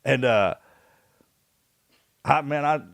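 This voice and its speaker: A man's voice: medium pitch, slow pace, creaky, no room sound. A man hosting a podcast, telling a story in casual chat, acting out other people's lines and tossing in "man". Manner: animated storyteller, acts out quotes, says "man" a lot. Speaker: podcast host.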